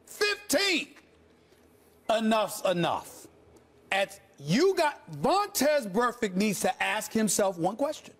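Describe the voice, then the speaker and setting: A man co-hosting a sports debate show, loud, theatrical and sarcastic, shouting to drive his points home. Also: high-pitched, sing-song, slow pace.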